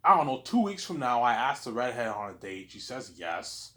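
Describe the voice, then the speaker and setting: A man talks to camera in a loose, rambling monologue, circling back on himself and repeating the same words. His pitch swings up and down a lot. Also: sing-song, moderate pace, pushed and bright, echoey room. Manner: rambling, repeats himself, keeps saying "obviously". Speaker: vlogger.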